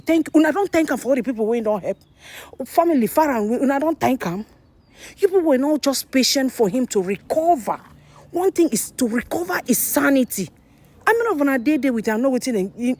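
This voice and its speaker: Nigerian woman vlogger, dark husky voice. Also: a little high, no echo. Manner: animated, mixes Nigerian Pidgin and English. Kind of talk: casual commentary to camera.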